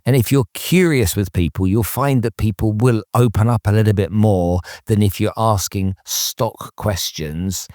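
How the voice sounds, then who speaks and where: Man hosting an interview, emphatic, fairly low voice, dry close sound. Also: normal speed, hardly any pauses, a little mellow, dry recording. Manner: emphatic, many restarts, checks with "okay?". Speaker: podcast host. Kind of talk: casual interview chat.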